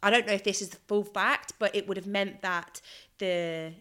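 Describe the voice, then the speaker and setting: Bright-voiced chatty woman from England. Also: medium pitch, steady tone. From England, Leicester. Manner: chatty, quick reactions, storytelling. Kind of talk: casual chat.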